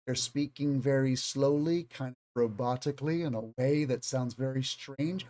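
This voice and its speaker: A man's voice: medium pitch, normal speed, warm tone. Southern US man teaching casually. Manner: rambling, conversational, self-aware. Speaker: English teacher. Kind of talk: unscripted video lesson.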